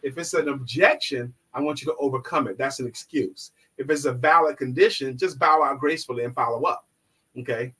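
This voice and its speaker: A man coaching on sales as a guest on a live online show, teaching in an instructive, emphatic way and at times dropping his voice slow and low to demonstrate. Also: pushed and bright, breathy edge, rough recording.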